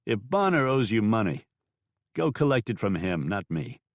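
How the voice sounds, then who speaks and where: A man's voice: on the low side, moderate pace, no echo, clean studio sound. A man playing a blunt frontier sheriff. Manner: curt and flat. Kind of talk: audiobook character voice.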